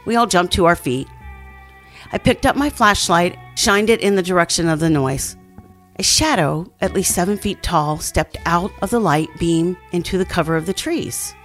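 A woman reading a first-person scary campfire story as scripted narration, at a steady storytelling pace. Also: on the low side, normal speed. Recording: faint music underneath.

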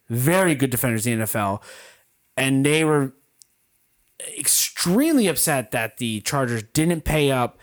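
A man hosting a casual sports podcast, trading jokes and rambling opinions with his co-hosts. His pitch swings widely and lively from phrase to phrase. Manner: wisecracking, rambling banter. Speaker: podcast host.

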